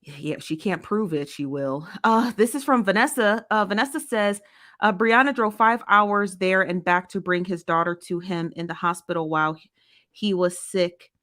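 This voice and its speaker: A woman's voice: mid-range voice, normal speed, fairly bright tone. A woman hosting a casual commentary show, reading viewer comments and making her points emphatically, often repeating herself and checking in with "okay?" and "right?".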